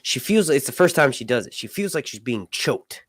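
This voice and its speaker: A man in his thirties hosting a laid-back livestream chat. He rambles from one thought to the next, full of fillers and restarts, in a middle-pitched voice. The recording is dry and close. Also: big pitch swings, moderate pace, a bit bright, no echo. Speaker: podcast host. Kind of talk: casual livestream discussion.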